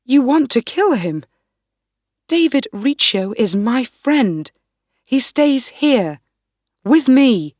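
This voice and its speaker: A woman voicing a proud, defiant young queen, speaking slowly and firmly. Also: medium pitch, sing-song, a little mellow, no echo, studio quality.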